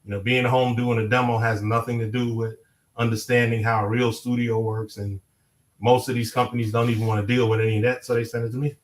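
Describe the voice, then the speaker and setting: A man from Harlem with a New York accent, a musician being interviewed, laid-back and quick to laugh. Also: mid-range voice, little pitch movement, rough recording. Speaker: guest, musician and producer. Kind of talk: casual interview.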